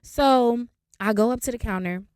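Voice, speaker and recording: A woman, hosting a podcast and telling a story in a casual, animated way. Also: fairly high pitch, normal speed, clean tone, no room sound, clean studio sound. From Raleigh, North Carolina. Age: 20s. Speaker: podcast host. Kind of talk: casual story time monologue.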